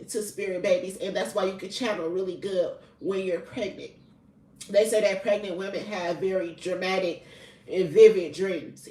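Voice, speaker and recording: A young woman speaks frankly and casually, peppering her confessional storytelling with profanity as a spiritual reader addressing her viewers. Her voice sits at an ordinary middle pitch for a woman. She is set back from the microphone in a room with noticeable echo. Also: darkish tone. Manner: candid and heavily profane. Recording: roomy echo, mic at a distance.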